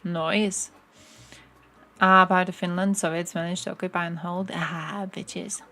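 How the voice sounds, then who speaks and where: A woman's voice: on the low side, level tone, normal speed, pushed and bright, soft background music. Sarcastic, swearing young woman streamer. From Croatia. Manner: chatty, sarcastic, swears freely, reads aloud from screen. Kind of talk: casual live-stream chat.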